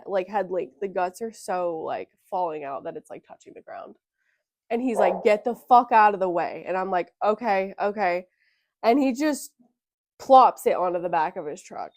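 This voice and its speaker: A young woman on a podcast tells a long story in a casual, animated way, swearing often and slipping into the voices of the people she quotes. Her voice sits in a middle register. The sound is dry and close to the mic. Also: medium pitch, no room sound. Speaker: podcast co-host.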